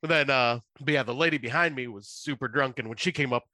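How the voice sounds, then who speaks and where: A man's voice: medium pitch, quick pace, sharp tone, no room sound. A man from Michigan co-hosting a casual chat, rambling through an anecdote with frequent laughs and plenty of swearing. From Michigan, USA. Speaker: podcast co-host.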